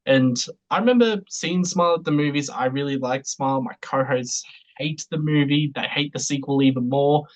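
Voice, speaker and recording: A podcast co-host chatting casually, telling stories in an animated way, laughing often and speaking bluntly. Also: mid-range voice, moderate pace, dull audio.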